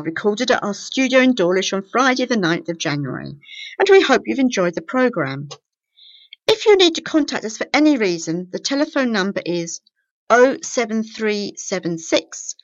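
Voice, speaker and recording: A woman reading local news and closing the programme as its editor, in a clear, measured way. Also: fairly high pitch, dry recording. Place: small local studio. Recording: dry, slightly dull studio recording.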